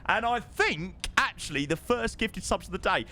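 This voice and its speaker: Bright, lively man streaming live. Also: high-pitched, moderate pace, a little hiss or hum. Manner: effusive, excitable, repeats thanks over and over. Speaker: livestreamer. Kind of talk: live stream chat over a flight simulator.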